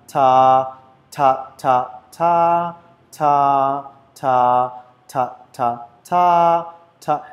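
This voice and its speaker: Slow-talking male lecturer. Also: a little high, a little mellow. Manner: explains step by step, chants rhythm syllables. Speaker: university lecturer. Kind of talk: recorded lecture.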